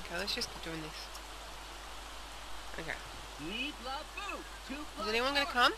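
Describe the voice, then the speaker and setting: A woman's voice: medium pitch, expressive, unhurried. A young woman casually commenting on a video game, chatting aloud and talking to the characters. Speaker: let's play host. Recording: noisy home recording.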